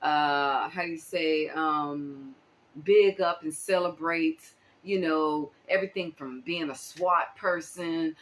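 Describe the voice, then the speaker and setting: A woman from the United States talking through a casual monologue as a channel host, animated and exclaiming, with many fillers. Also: low-pitched, slow pace.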